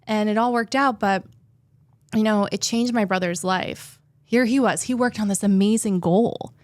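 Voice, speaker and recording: A young adult woman telling a personal story with open, heartfelt feeling, sometimes close to tears. Her voice sits in an ordinary middle pitch, and the sound is dry and close. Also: normal speed, no echo. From New Jersey. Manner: heartfelt, tearful at moments, many "like" fillers. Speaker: therapist guest.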